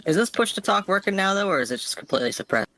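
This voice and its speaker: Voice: mid-range voice, sing-song, a bit bright. A player in a game chat, joking about themselves and talking about their microphone setup. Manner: quick, self-mocking, talks about mic setup. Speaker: fellow player. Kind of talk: casual gaming chat.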